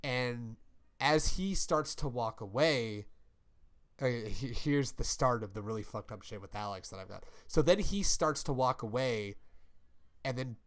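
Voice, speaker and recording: A young adult man in casual chat, rambling and swearing as he pitches a story and acts out its quotes. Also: a little slow, a bit bright. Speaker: podcast co-host.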